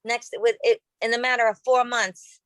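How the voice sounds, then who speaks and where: A woman's voice: a little high, level tone, moderate pace, no room sound, poor audio. Woman in her 50s, podcast host, rambling earnest storytelling, lots of ums, dry close sound. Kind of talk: personal testimony in casual conversation.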